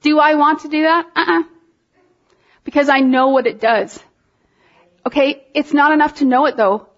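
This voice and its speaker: Speaking at a normal speed in a slightly high voice, a woman delivers an informal sermon. She preaches conversationally, circling back on her words and driving points home with animated emphasis. The audio is dull and lo-fi.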